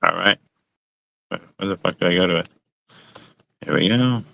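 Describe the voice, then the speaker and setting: A man hosting a casual chat, telling laid-back, profane stories with frequent halting pauses. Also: sits low, gravelly, sharp tone, a little hiss or hum. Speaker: host.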